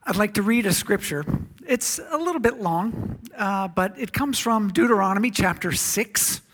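A man who is a visiting missionary, preaching a sermon in a church, telling a story and reading scripture in a soft-spoken way. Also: high-pitched, expressive, moderate pace, few pauses, husky.

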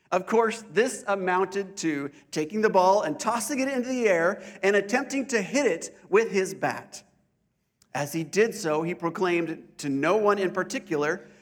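A male pastor preaching a sermon at a church service, deliberate and slowing down to stress key points. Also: sits high. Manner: deliberate, slows down for emphasis.

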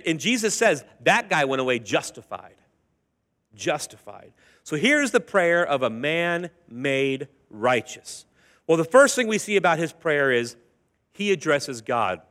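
High-voiced male pastor preaching. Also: fairly bright tone. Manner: conversational preaching, acts out quoted voices. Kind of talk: sermon. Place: church.

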